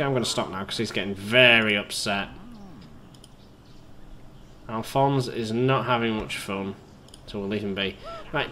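Guy rambling over a game he's playing, voice jumps all over the place, gets excitable. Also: fairly low pitch, unhurried, long pauses, a little hiss or hum. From Britain. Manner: excitable, rambling, talks to the viewers. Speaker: let's play host. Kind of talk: casual gameplay commentary.

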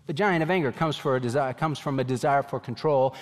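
A man's voice: mid-range voice, brisk. Male pastor preaching in a reverberant hall. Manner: animated preaching, voices God's questions to Cain. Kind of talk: sermon.

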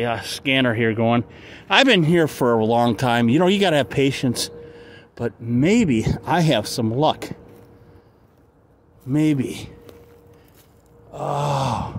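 A man vlogging outdoors beside railroad tracks, muttering to himself between excited exclamations as trains pass. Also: mid-range voice, slow pace, pauses often. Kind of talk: casual handheld vlog narration. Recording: outdoor noise of passing trains. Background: passing freight train and city ambience.

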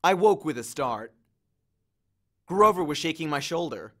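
A man narrating a novel in the first person in a measured, expressive storytelling manner. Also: fairly high pitch. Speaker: audiobook reader.

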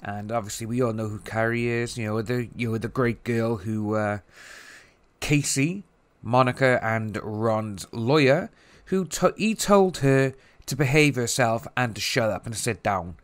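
A man hosting a casual commentary vlog, talking in an animated, mocking way. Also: mid-range voice, measured pace, no echo. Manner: animated and mocking, mimics people he talks about. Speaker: YouTube channel host.

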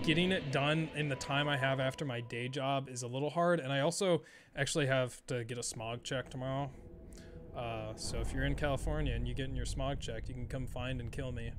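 A man's voice: mid-range voice, background noise. A young adult man chatting casually to his audience during a game live stream, rambling, self-mocking and swearing freely.

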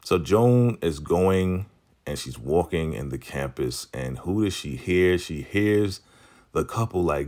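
Male recap host, very deep voice, casual and animated, acts out the characters' quotes. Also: a little slow. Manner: animated, acts out characters' lines while retelling, laughs often.

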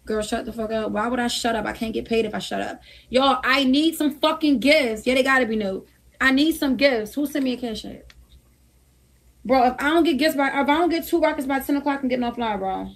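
Young woman livestreaming, high voice with a gravelly edge, cussing and bossing her viewers around. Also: a little fast. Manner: profane, scolding, begging viewers for gifts. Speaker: livestream host. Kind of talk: casual livestream talk.

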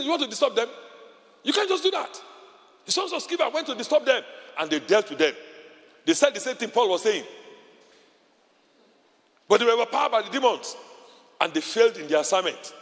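A man preaching a sermon as pastor, telling stories with sudden shouts and laughter. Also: mid-range voice. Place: large church hall. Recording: long hall reverb.

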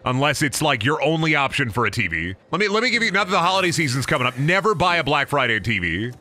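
Young Midwestern man, casual game streamer, profane and jokey; bright tone, very animated pitch. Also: quick pace. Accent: Midwestern American. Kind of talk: casual gaming commentary.

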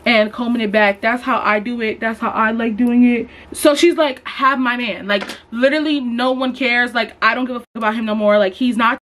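Fast-talking bright young woman vlogger. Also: fairly high pitch, fairly even intonation. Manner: profane, chatty and dramatic, addresses viewers as y'all. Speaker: beauty vlogger. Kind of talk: casual storytime while installing a wig.

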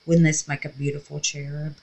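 A woman's voice: low-pitched, little pitch movement, a little fast, creaky, a little mellow. A woman with a slightly scratchy voice, chatting casually and gushing as she walks viewers through a craft project. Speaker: resin craft vlogger. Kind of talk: casual crafting tutorial chat.

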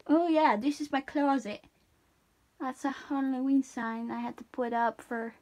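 A young woman chats away while she draws, her voice high and cartoony from tiredness. She rambles, trips over her words and pokes fun at herself. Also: fairly even intonation, normal speed, fairly bright tone. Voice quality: cartoony put-on voice. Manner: rambling, self-deprecating, stammering restarts. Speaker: drawing tutorial vlogger. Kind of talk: casual drawing commentary.

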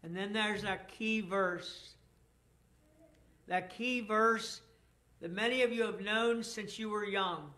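A man pastor reading scripture and preaching a sermon in a church sanctuary, in a slow, measured way with pauses. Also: high voice, fairly even intonation, sharp tone.

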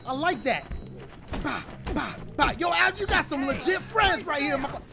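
A man giving casual let's-play commentary over a game, slangy and animated, with sudden loud exclamations. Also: very high voice, normal speed, gravelly, slight background noise. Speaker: gaming commentator. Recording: game music playing underneath.

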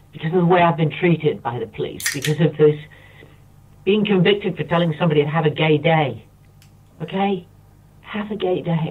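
Here a UK man speaks on the radio as a guest, his husky voice sitting on the high side. The line is tinny and distant, and his monologue is heartfelt and rambling, full of repetition, as he verges on crying.

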